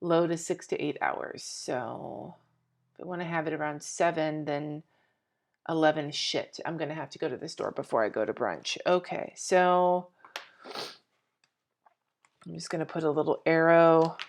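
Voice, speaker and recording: Woman, 40s, lowish voice, chatty, scattered, swears casually, planner live stream. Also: unhurried, creaky, pauses often. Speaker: planner vlogger. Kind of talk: live-stream chat while decorating a planner.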